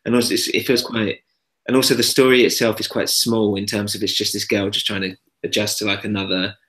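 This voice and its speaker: Young male podcast co-host, low voice, halting and low-key, lots of "um" and "like". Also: little pitch movement, fairly bright tone. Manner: hesitant, many fillers, understated. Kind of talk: casual chat.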